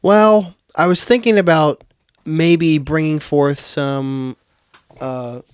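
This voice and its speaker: A man's voice: fairly high pitch, steady tone, slow pace, smooth, no echo, clean studio sound. Wry man reading news on a podcast.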